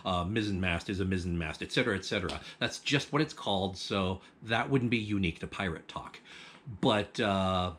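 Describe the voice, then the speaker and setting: A man's voice: deep voice, moderate pace, fairly bright tone, slight background noise. A man hosting a food history show, explaining in a casual, chatty way with frequent ums, restarts and little chuckles. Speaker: host of a food history channel.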